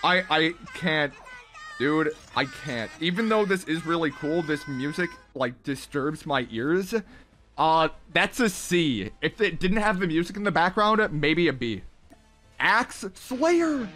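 A young man giving casual, excitable reaction commentary, ranking game emotes with lots of slang. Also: a little high, slow, soft background music. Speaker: gaming content creator.

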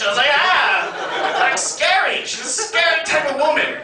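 Brash stand-up comic in an echoey club. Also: male voice, very high voice, animated, moderate pace, few pauses. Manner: brash, crude punchlines, rising to loud bursts. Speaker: stand-up comedian. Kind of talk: stand-up comedy set. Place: comedy club stage. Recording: echoey club sound from a distant mic, crowd laughter. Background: audience laughing.

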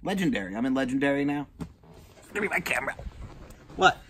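A man's voice: mid-range voice, lively intonation, fast, fairly bright tone, a little hiss or hum. A man vlogging at home in a playful, goofy way, sometimes slipping into mock wrestling-promo bravado. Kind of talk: playful family vlog chat. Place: home basement room.

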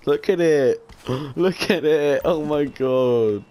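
A man hosting a gaming video, chatting casually, excitable and quick to laugh and exclaim. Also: fairly high pitch, a little hiss or hum. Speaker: gaming channel host. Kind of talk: casual gameplay chat.

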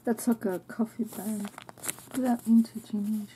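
Slow, soft-spoken gushing woman. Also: medium pitch, fairly even intonation, a little hiss or hum. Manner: gushing, soft exclamations and frequent whispers. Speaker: crafting channel host. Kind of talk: unboxing a craft swap package.

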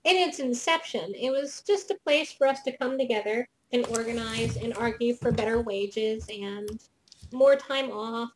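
A hunted male janitor informant spills secrets in hushed, urgent confessions, as a woman game master plays him. The voice sits fairly high for a woman. Faint noise hums behind the tabletop role-play. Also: a little slow, close to an everyday voice.

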